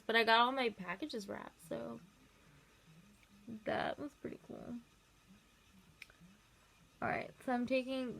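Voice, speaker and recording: Gravelly-voiced young woman rambling. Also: mid-range voice. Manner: rambling, filler-heavy, quick asides. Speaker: makeup vlogger. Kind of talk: casual chatty storytelling while doing makeup.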